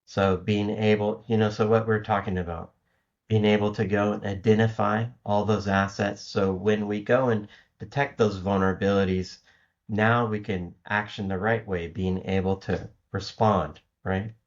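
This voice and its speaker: A man's voice: lowish voice, fairly even intonation, moderate pace. A man speaking as a guest in a casual interview, rambling with many restarts and fillers. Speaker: guest cybersecurity architect. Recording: lo-fi remote audio.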